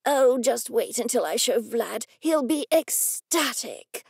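A woman voicing an older male gallery owner who gushes with slow, drawn-out enthusiasm, in an audiobook. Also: a little high, expressive, creaky, a little mellow, husky, dry recording, studio quality, exaggerated voice. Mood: gushing.

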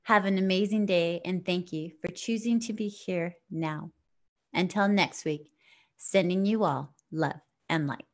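A woman's voice: lowish voice, unhurried. A middle-aged woman hosting an inspirational talk show, speaking in an affirming, encouraging way to her listeners. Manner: affirming and encouraging, warm-hearted sign-offs. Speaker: podcast host. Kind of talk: upbeat inspirational chat.

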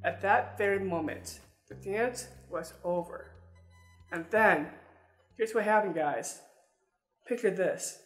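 A man's voice: sits high, big pitch swings, slow pace, long pauses, a bit bright. A young adult man telling a personal story straight to his listeners, earnest and repeating words as he goes. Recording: roomy sound with faint music.

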